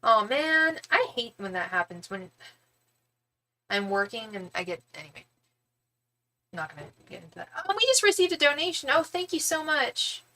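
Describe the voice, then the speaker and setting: Bright-voiced woman giving chatty tarot reading. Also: on the high side, sing-song, normal speed, low-quality recording. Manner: chatty and gushing, lots of "like" and "girl". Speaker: tarot reader and psychic. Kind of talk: live-stream tarot reading chat.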